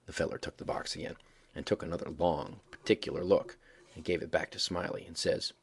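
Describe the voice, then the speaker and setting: A man reading a story aloud as a folksy, animated yarn-spinning narrator with a husky voice. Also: deep voice, brisk. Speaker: audiobook reader.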